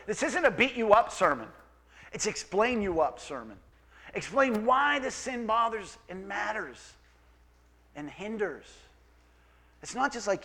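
A man preaching a sermon as pastor, conversational and emphatic, with quick asides. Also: high-pitched, very animated, sharp tone.

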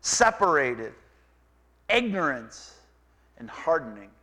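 A male pastor delivering a sermon with a high, bright voice that swoops up and down in pitch. He preaches conversationally and with emphasis, dropping into quiet asides between forceful points. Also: very animated, slow.

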